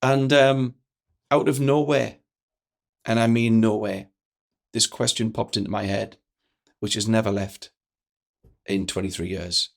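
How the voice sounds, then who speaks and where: A man, a guest telling stories in a lively way and acting out the lines of the people in them. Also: on the low side, a little slow, vocal fry, long pauses. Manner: energetic, acts out quoted dialogue. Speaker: guest speaker. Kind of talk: animated storytelling in a podcast interview.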